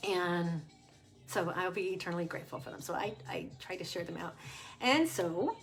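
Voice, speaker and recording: A woman speaking casually on a livestream, sharing her personal testimony in a candid, chatty way with fillers and quick laughs. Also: lowish voice, expressive, gravelly, soft background music. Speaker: cancer survivor sharing her story. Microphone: webcam or phone on a livestream.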